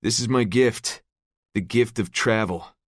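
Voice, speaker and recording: A man voicing a defiant, vengeful teenage boy with a rough, cocky edge. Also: on the low side, measured pace, no echo, clean studio sound, pitched above the performer's own voice.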